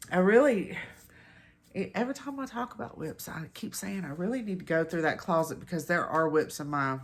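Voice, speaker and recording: Low-voiced woman with a stuffy nose. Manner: chatty, rambling, laughs at herself. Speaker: crochet podcast host. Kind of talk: casual chat to camera. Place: at home, indoors.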